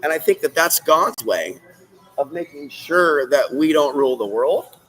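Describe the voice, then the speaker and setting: A man hosting a solo livestream, rambling in a ranty way and speaking straight to viewers and the chat, swinging from loud bursts to low muttering. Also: expressive, a little slow, soft background music, low-quality recording. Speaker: livestream host.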